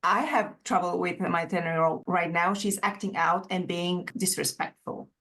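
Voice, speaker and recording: A woman's voice: on the low side, normal speed, a bit bright, a little hiss or hum. A woman hosting a parenting podcast, affirming her guest and asking questions about her own family. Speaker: podcast host. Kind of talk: casual interview chat.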